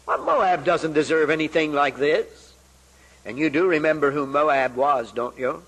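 A man delivering a sermon in a somewhat high voice. He speaks earnestly and deliberately, explaining scripture and pressing his points with rhetorical questions and repeated phrases. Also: a bit bright, rough recording. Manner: emphatic, with rhetorical questions and repetition; earnest, deliberate Bible exposition. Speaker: preacher.

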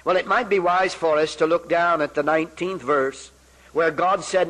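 A man delivering a sermon in a somewhat high voice. He speaks earnestly and deliberately, explaining scripture and pressing his points with rhetorical questions and repeated phrases. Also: steady tone, a bit bright, low-quality recording. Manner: emphatic, with rhetorical questions and repetition; earnest, deliberate Bible exposition. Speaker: preacher.

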